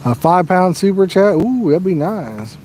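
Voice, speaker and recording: A man's voice: sits high, very animated, moderate pace, a little mellow, a little hiss or hum. A Midwestern American man hosting a fishing livestream outdoors by a lake, chatting casually and answering viewers' questions. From Midwest USA.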